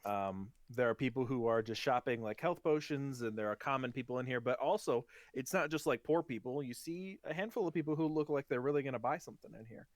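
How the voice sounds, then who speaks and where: Man narrating a tabletop game, halting. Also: mid-range voice, no echo, studio quality. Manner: loose, halting narration with many ums and restarts. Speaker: dungeon master.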